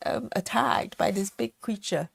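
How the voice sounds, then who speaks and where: A woman's voice: mid-range voice, a little slow, vocal fry, breathy edge. A woman chatting casually on a live stream as she stitches, giggling often and reading out viewer comments.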